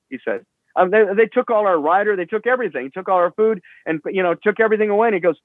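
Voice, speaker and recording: Speaking quickly in a high voice, this sixty-something rock musician spins rambling, profane anecdotes packed with fillers. The remote call sounds tinny and phone-like, with no room sound at all.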